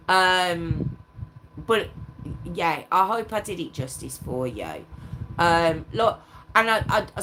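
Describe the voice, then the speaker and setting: Bright-voiced chatty woman host. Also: mid-range voice, slight background noise. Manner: chatty, laughing, reads out viewer comments. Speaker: true crime livestream host. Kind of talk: casual live chat with viewers.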